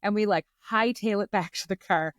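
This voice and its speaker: A woman's voice: medium pitch, moderate pace, no echo, studio quality. A woman co-hosting a podcast, telling a story in casual chat and acting out the quotes with self-mocking humor. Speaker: podcast co-host.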